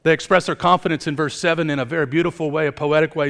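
A middle-aged man preaching a sermon as pastor, swinging from emphatic rises down to quiet, low appeals. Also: fairly even intonation, racing, few pauses. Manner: emphatic preaching, building up and then dropping low. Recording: long hall reverb.

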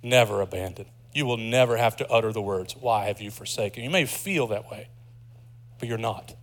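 A man preaching a sermon as pastor, earnest, dropping to a hush and then rising with emphasis. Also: on the low side, normal speed. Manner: earnest, swings from hushed to emphatic.

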